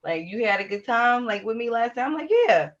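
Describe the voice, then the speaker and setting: A woman's voice: a little high, fast talker, fairly bright tone. A woman co-hosting a casual podcast chat, telling a story and acting out both sides of the dialogue. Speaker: podcast co-host. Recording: dull lo-fi audio.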